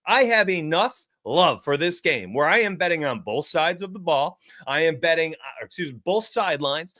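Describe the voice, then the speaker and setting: An excitable man hosting a live sports betting show, talking straight to his chat with lots of hype. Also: fairly high pitch, normal speed, no room sound, clean studio sound. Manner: excitable, hype-driven, addresses chat directly. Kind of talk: energetic live-stream betting talk.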